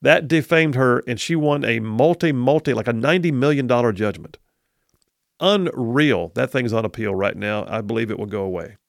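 A man's voice: mid-range voice, moderate pace, creaky, dry recording, studio quality. A male talk radio host and attorney giving emphatic, scornful commentary and hammering his points through repetition.

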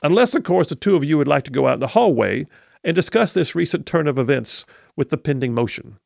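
A wizened old federal judge, as a man puts him on, drawling in a Southern accent with formal, knowing understatement. The voice rides a little higher than the teller's own, with a gravelly edge. It sounds close and dry. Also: expressive, fast talker, darkish tone, no echo, full character voice.

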